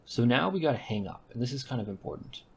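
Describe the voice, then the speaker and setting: A man giving casual gameplay commentary, rambling and correcting himself with deadpan asides. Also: mid-range voice, fast, creaky, slightly rough. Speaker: gaming commentator.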